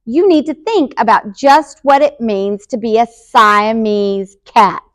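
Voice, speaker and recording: A woman's voice: on the high side, slow, no echo. A woman reading the part of a stern mother cat who lectures her kitten in a bossy, scolding voice.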